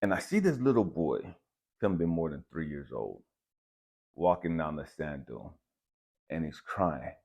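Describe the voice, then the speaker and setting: Relaxed male host with a deep, mellow voice, telling a spiritual story like chatting with a friend. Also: measured pace, creaky, pauses often. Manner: relaxed, conversational, uses slang like bet and dap. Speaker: channel host.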